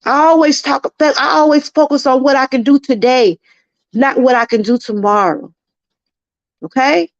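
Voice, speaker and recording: Middle-aged Southern woman, high voice, earnest preachy live-stream testimony, dry muffled lo-fi sound. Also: moderate pace, no echo. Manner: earnest, preachy, repeats herself, talks to chat. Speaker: channel host.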